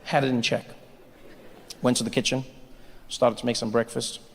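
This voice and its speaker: A man doing stand-up comedy, telling stories in an animated way and building up to shouting. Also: mid-range voice, moderate pace, in a large hall, a little hiss or hum.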